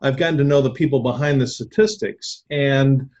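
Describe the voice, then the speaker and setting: A man from Southern California, a guest author on a radio interview, talking in a relaxed way with frequent restarts. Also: medium pitch, normal speed, dull audio.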